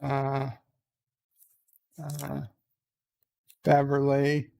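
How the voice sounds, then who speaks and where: A man's voice: mid-range voice, completely flat delivery, extremely slow, gravelly, dark tone, clean tone. A man chatting casually as the streamer, rambling and hesitant with many fillers. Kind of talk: casual chat.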